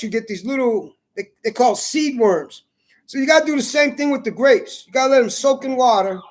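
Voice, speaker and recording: A man rambling in a casual monologue, cursing often and repeating words as he goes. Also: extremely high pitch. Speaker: vlogger.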